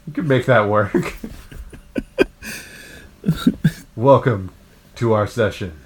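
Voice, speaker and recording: A man's voice: medium pitch, extremely slow, pauses often, slight background noise. A man co-hosting a podcast, chatting casually and rambling with lots of fillers and laughter. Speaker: podcast co-host. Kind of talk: casual chat. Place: living in Japan.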